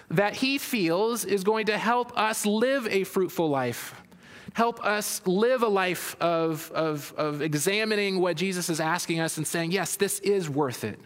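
A man's voice: a little high, a bit bright. Preaching man in a reverberant hall. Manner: reads scripture aloud then expounds with frequent restarts. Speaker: pastor. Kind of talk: sermon.

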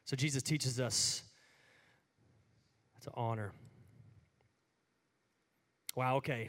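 A man preaching a sermon in a conversational way, full of "like" fillers, who climbs high and emphatic at the peaks. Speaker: pastor.

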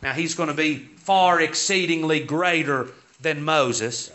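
A man teaching Sunday school reads Bible verses aloud in King James wording, then explains what they mean. His voice is on the high side, bright and forceful, and a little slow, captured on a dull, lo-fi recording.

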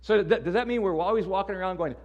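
A man's voice: high-pitched, quick pace, lo-fi sound. A man preaching a sermon in a casual, conversational way, often repeating words as he restarts. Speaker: pastor.

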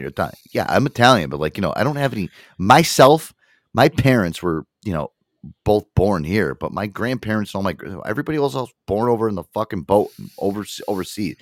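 A man from Connecticut hosting a casual podcast chat, cursing freely and laughing between stories. His low voice swings widely in pitch, and the sound is dry and close. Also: dry recording. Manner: profane, animated, laughing often. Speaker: host.

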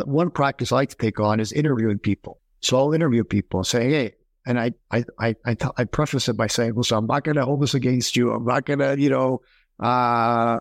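A man talking as a podcast guest, animated and storytelling, acting out quoted voices as he explains. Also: medium pitch, no echo. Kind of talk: conversational interview.

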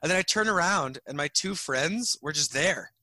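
A young man tells a long, rambling story full of fillers, often laughing as he goes. His voice is very bright and forceful. The sound is dry and close, with no room echo. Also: a little high, lively intonation, normal speed. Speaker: guest storyteller. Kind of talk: casual anecdote telling.

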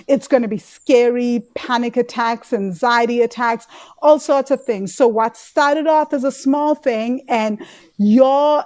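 Woman, money coach, casual talk, expressive, higher voice. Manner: animated, emotive, acts out inner voices.

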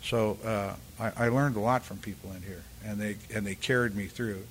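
An older man giving a halting, rambling personal share at a recovery meeting, full of restarts and "you know," and acting out the voices of the people in his story. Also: fairly low pitch, fairly even intonation, a little hiss or hum. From California, US. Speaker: speaker sharing at a recovery meeting.

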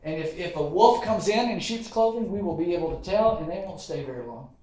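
Male Southern pastor, high voice, folksy sermon with repeated lines and asides; roomy church echo. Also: animated, mellow. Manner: folksy preaching, repeats phrases, quick asides and chuckles. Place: church sanctuary.

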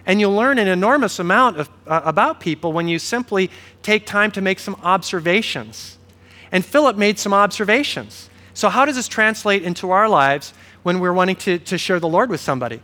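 Male pastor, high-pitched and bright, conversational sermon delivery. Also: brisk. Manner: conversational, animated storytelling with quoted dialogue.

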